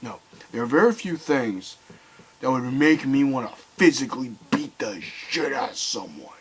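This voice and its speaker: A young man ranting heatedly to camera, swearing often and swinging between loud outbursts and quiet bitterness. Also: medium pitch, lively intonation, normal speed, slightly rough, rough recording. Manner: heated, swearing, voice rising and falling sharply. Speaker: video commentator. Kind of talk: angry rant to camera.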